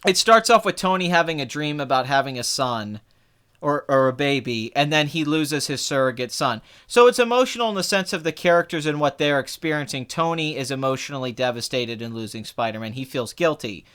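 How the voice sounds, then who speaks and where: A young man casually chatting as a film review podcast co-host, animated and quick to act out what people said. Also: clean tone. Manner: animated, mimics people in high excited bursts. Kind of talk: casual chat.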